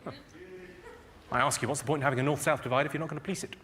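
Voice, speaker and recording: Comedian bloke, dry and rude, roasting the crowd, loud audience noise behind. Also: male voice, mid-range voice, steady tone, rapid-fire. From England. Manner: dry, crude, teasing the audience. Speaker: stand-up comedian. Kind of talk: stand-up comedy with crowd work. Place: comedy venue on stage.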